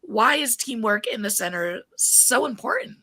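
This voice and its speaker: Chatty, bright-voiced woman podcast host. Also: on the high side, expressive, moderate pace, slightly rough. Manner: chatty, laughs often, many fillers. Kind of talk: casual interview chat.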